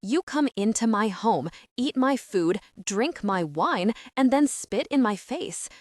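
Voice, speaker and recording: A woman's voice: animated, takes it slowly, a little mellow, no echo, studio quality. Woman voicing a smug menacing mafia boss. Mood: accusing. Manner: menacing, low purring taunts. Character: ruthless smug mafia boss man, middle-aged. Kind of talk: audiobook character reading.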